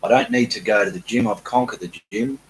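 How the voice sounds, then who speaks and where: A man's voice: lowish voice, fast talker, a little hiss or hum, rough recording. A middle-aged Australian man with an Australian accent, an artist chatting casually on a live stream and reading out viewer comments in a self-deprecating way.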